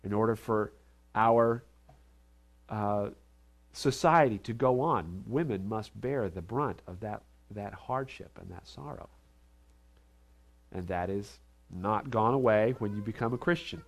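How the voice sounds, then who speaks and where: A male pastor preaching a sermon, reading scripture aloud and then explaining it, with emphatic rises and soft asides. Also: fairly low pitch, a little slow, gravelly. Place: church.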